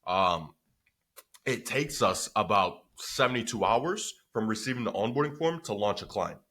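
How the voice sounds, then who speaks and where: A man on a casual vlog retells a story from running his business, in an animated, loose way with plenty of swearing and filler words. His voice is fairly low but bright and forceful. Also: normal speed. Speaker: business owner telling a story.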